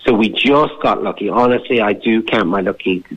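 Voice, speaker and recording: A man, a film director guest on a radio interview, speaking in an earnest, reflective and somewhat halting way. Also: lowish voice, breathy edge, lo-fi sound.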